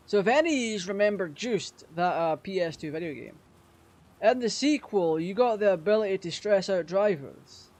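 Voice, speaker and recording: A man casually commenting on his racing game, sweary and quick to rage at the game. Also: sits high, lively intonation, a little mellow. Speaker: gaming channel host.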